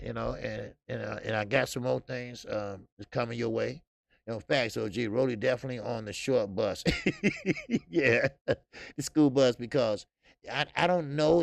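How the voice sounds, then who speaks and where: A man's voice: mid-range voice, vocal fry, dry recording. A man hosting a casual boxing livestream, talking loosely and profanely, reading out chat and breaking into laughter.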